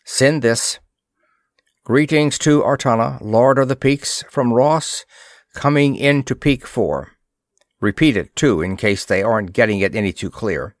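A brisk spaceship commander, as a man reading the story puts him on speaks in short, clipped orders. The voice sits close and dry, with no room around it. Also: mid-range voice, dry recording, close to an everyday voice. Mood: commanding. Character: brisk middle-aged male spaceship commander.

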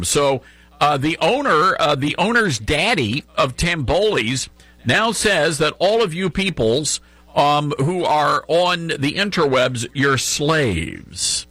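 Husky, lively-pitched talk radio host. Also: male voice, slow pace, no room sound. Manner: sarcastic, mocking asides with chuckles. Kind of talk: conservative talk radio commentary. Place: radio studio. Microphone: studio microphone.

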